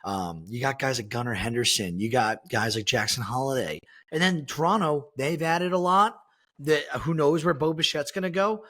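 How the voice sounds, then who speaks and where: Speaking at a moderate pace, the man's mid-range voice has a fairly bright tone. As a podcast co-host he keeps the sports chat loose and rambling, with lots of fillers and restarts.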